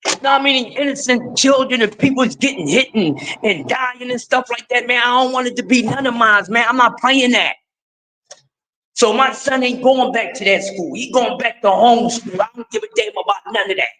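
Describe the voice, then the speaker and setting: A man's voice: very high-pitched, normal speed. Fired-up man ranting on a livestream. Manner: emphatic, preachy, swings between shouting and quiet. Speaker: livestream host. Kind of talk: impassioned livestream rant.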